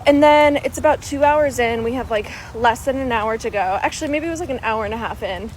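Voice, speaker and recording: Young pregnant woman, casual storytime, expressive and chatty, light outdoor noise. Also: fairly high pitch, brisk, rough recording. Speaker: vlogger.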